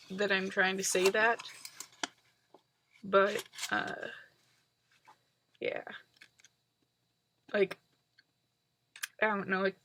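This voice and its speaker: A woman vlogger talking casually to camera in a rambling, reflective way, often pausing with ums and likes. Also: medium pitch, gravelly, a bit bright. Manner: reflective, analytical.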